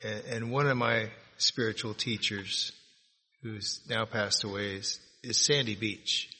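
A man's voice: lowish voice, fairly even intonation, measured pace, sharp tone, breathy edge. A man sharing earnestly at a recovery meeting, repeating words as he gathers his thoughts. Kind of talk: personal share at a recovery meeting. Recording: long echo of a meeting hall.

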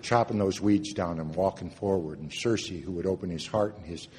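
A man sharing a personal recovery story at a meeting, earnest, moving between loud and hushed moments. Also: deep voice, brisk. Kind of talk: personal testimony talk. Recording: long reverb of a hall.

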